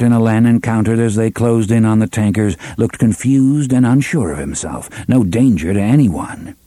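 A man reads an adventure novel aloud in a steady, measured way. His voice is mellow and warm, recorded dry and close with no room sound. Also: mid-range voice, dry recording. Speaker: narrator. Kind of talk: audiobook narration.

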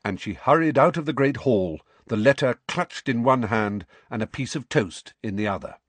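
A man reading a novel aloud as an audiobook narrator, with an expressive storytelling delivery. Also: medium pitch, moderate pace, husky, no room sound.

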